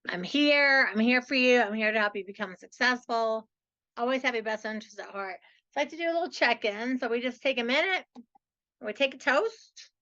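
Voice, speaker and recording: Upbeat woman host with a bright, slightly high voice, chatty and keen, recorded on muffled lo-fi audio. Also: a little fast. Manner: chatty, enthusiastic, says "like" and "so" often. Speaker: podcast host. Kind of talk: upbeat podcast monologue.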